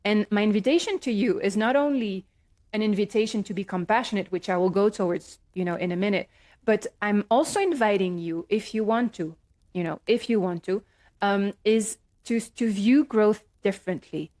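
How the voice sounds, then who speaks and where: A woman life coach talking through advice in a gentle, reflective way, often checking in with "right?" and pausing with fillers. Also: mid-range voice. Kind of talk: casual advice talk.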